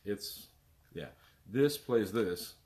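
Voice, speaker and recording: A man's voice: fairly low pitch, extremely slow. Chatty middle-aged man hosting a live stream. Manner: rambling and chatty, addresses viewers by name; animated, jumps between topics. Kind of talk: casual live-stream talk to viewers.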